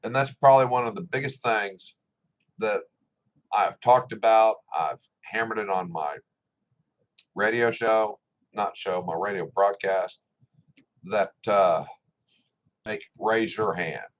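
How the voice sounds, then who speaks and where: A man's voice: fairly low pitch, slow pace, long pauses, poor audio. A middle-aged man giving a casual opinion monologue, blunt and indignant, with sarcasm and swearing. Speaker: political commentator.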